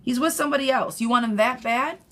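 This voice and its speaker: A woman's voice: quick pace, slight background noise. Sassy blunt woman reading tarot live. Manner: blunt, sassy, addresses viewers as girlfriend; bursts into high excited gushing. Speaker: tarot reader hosting a live stream.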